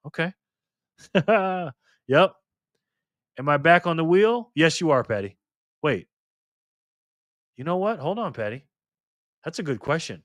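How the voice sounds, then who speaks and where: A man's voice: a little high, lively intonation, takes it slowly, pauses often, a bit bright, dry recording, studio quality. A man hosting a casual livestream, chatting and laughing as he reads viewer comments aloud. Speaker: livestream host.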